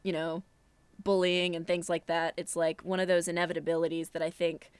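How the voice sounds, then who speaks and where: A woman's voice: fairly low pitch, level tone, brisk, smooth, no room sound. A young woman co-hosting a podcast, talking in a candid, reflective, casual way. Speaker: podcast co-host.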